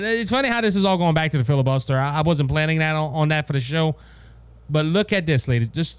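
A man hosting a political commentary show, speaking bluntly and often calling out "ladies and gentlemen," stumbling over words as he reads the news. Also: high voice, clear, resonant tone, dry recording. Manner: blunt, repetitive, addresses audience as "ladies and gentlemen"; stumbling restarts while reading news aloud. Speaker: podcast host.

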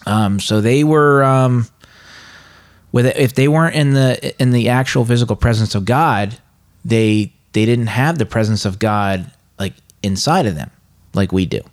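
A man's voice: mid-range voice, measured pace. Earnest man in Bible chat. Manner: earnest, confessional. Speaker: podcast co-host. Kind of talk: casual Bible discussion.

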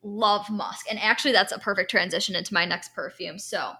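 A woman's voice: medium pitch, fairly quick, bright, forceful tone. A young woman co-hosting a casual podcast chat, talking with enthusiasm and plenty of fillers. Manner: chatty, enthusiastic, many fillers. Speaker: podcast co-host. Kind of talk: casual chat about perfume.

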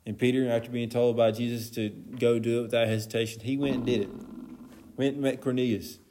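A man's voice: medium pitch, flat delivery, fairly quick, noisy background. A man giving an informal Bible lesson in a casual, conversational way, with plenty of fillers and asides. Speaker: Bible study teacher.

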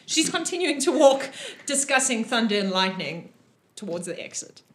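A woman narrating a tabletop game as game master, in an animated manner with frequent giggles. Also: on the high side, moderate pace. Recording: roomy echo.

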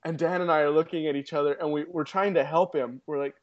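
A man's voice: on the high side, fairly even intonation, fast, muffled recording. A man guest on a podcast, telling a story casually with many restarts and amused asides. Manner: rambling, self-amused, frequent restarts.

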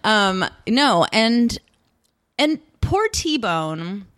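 Animated woman podcast co-host. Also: medium pitch, extremely slow. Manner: animated, swearing, frequent "like". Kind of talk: casual chat.

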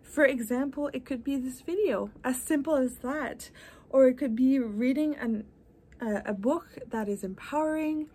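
A woman's voice: sits high, normal speed, a little mellow, husky. A woman wellness coach hosting a podcast, giving an earnest, encouraging motivational talk.

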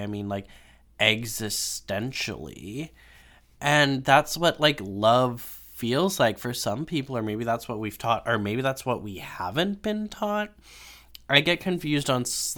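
A man's voice: medium pitch, pushed and bright. A young man chatting casually to his followers, rambling and gushing with plenty of swearing. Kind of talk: casual chat to camera.

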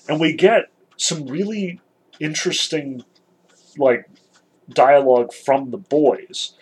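A man's voice: mid-range voice, slight background noise, poor audio. A man giving a conversational literature lecture, explaining with frequent "um" and "you know".

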